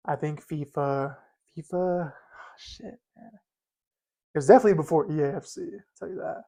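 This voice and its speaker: Young male podcast co-host, slightly higher pitch, loose excitable chatter. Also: normal speed, creaky. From Los Angeles area. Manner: loose, slangy, excitable, repeats himself. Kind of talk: casual chat.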